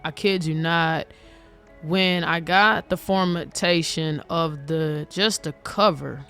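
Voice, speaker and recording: A woman's voice: low voice, steady tone, slow pace, a bit bright, smooth, soft background music. A woman guest on a chat show in a radio studio, talking earnestly about her own struggles. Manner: earnest, testifying. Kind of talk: casual chat.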